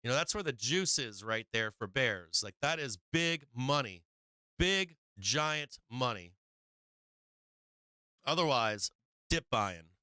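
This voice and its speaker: A man's voice: medium pitch, lively intonation, slow pace, pauses often, sharp tone, clear, resonant tone, no echo. A man hosting a live stock market stream, talking bluntly in casual commentary full of swearing and restarts, often laughing. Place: home live-stream setup.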